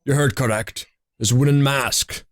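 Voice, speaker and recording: A man voicing a gruff grumpy shopkeeper. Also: mid-range voice, fairly even intonation, measured pace, no room sound, studio quality, natural voice.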